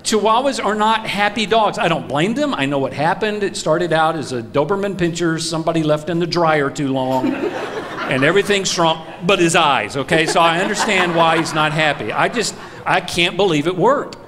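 A man's voice: moderate pace, slight background noise. A man giving a comedic talk to a live audience, telling stories animatedly in a hall. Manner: animated storytelling, jumps high on punchlines. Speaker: speaker.

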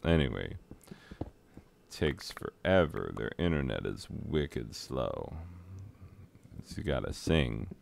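A man's voice: very deep voice, sing-song, slow pace, vocal fry, pauses often, slight background noise. A man in his thirties, a teacher, rambling self-deprecatingly while he plays a game and tells a story. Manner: self-deprecating, rambling, breaks into sung asides. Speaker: teacher and gaming vlogger. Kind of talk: rambling casual commentary over gameplay.

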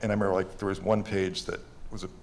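Low-voiced man reminiscing haltingly. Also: little pitch movement, creaky, darkish tone, slight background noise. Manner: halting, restarts sentences. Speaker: comics artist panelist. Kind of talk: casual reminiscing on a panel. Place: convention stage before an audience.

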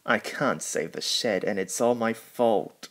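A man's voice: lowish voice, measured pace, a bit bright. A man reading aloud, voicing a brave but nervous male fire engine in a storybook, in an earnest, plain way.

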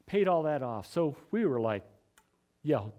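Man, middle-aged, preacher, conversational sermon, earnest, chatty, fillers, soft laughs, slightly raised pitch. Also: sing-song, measured pace, dull audio. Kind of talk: conversational sermon with personal testimony.

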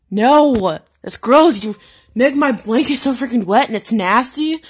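Young woman, casual vlog, husky voice, very lively pitch, erratic mutters and shouts, webcam audio. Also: normal speed. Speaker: vlogger.

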